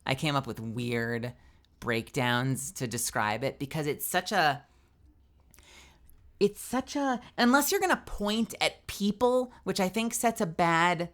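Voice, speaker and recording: A woman in her thirties, a streamer chatting casually with viewers, outspoken and swearing freely, with lots of "like" fillers and an animated delivery. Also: lowish voice. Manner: animated, swings between quick bursts and drawn-out phrases. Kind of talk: casual live-stream chat, answering viewers.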